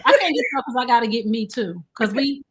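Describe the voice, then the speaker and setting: Husky lady cohost, slightly high voice, chatty and animated, acts out the dialogue. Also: fairly quick. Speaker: co-host; special needs mom. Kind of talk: casual chat.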